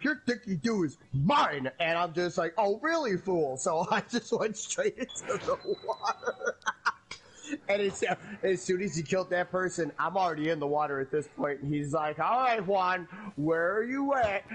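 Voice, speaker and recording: A man with a high, husky voice chats with friends during an online game. He is always laughing as he tells a story and acts out his friends' lines. The talk is loose and profane. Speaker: gamer. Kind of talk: casual chat while gaming.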